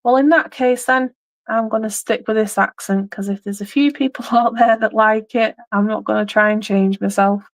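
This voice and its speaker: A woman's voice: a little high, fairly even intonation, moderate pace, no echo, low-quality recording. A woman in her thirties with a mixed English accent, chatting casually on a live stream and rambling with many ums and restarts. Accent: English, mixed regional. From England.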